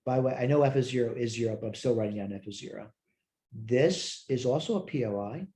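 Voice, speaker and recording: Talking fast in a dark, medium-pitched voice, a tired math instructor delivers a recorded lecture. He works problems while thinking aloud, correcting himself along the way and answering questions he poses to himself.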